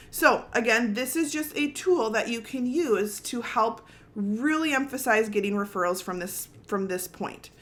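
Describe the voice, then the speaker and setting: A middle-aged woman giving an energetic coaching talk at a conference, often checking in with "okay?" and acting out cheerful greetings. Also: a little high. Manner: energetic, upbeat, frequent "okay?" check-ins; acts out cheerful front-desk greetings. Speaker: conference presenter. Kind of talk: coaching talk to a live audience.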